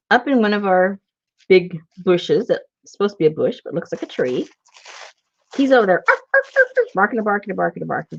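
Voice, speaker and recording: A woman's voice: lowish voice, slight background noise. A woman vlogger chatting casually and telling a story, often laughing as she talks. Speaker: craft vlogger. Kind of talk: casual chat while crafting. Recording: dull lo-fi sound.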